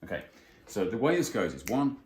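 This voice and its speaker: A man teaching a guitar music theory lesson, explaining plainly and counting beats out loud. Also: sits low, sing-song, moderate pace. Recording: roomy sound with faint guitar.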